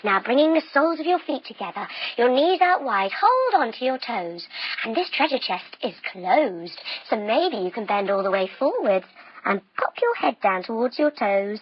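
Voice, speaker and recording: A woman leading a children's yoga lesson as a story, playful and animated, with silly sound effects. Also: on the high side, normal speed, lo-fi sound. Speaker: kids yoga teacher.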